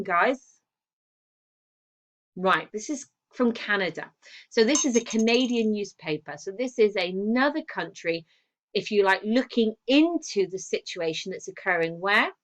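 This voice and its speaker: A woman's voice: on the high side, lively intonation, a little slow. A woman English teacher giving a recorded lesson. She explains step by step, asks the class questions and praises their answers.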